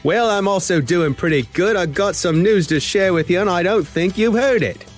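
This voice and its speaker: A man's voice: on the high side, lively intonation, normal speed, faint music behind, close to an everyday voice. A man voicing a pushy online scammer in a put-on Australian accent, his voice raised and salesy. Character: pushy male Facebook scammer promising free grant money.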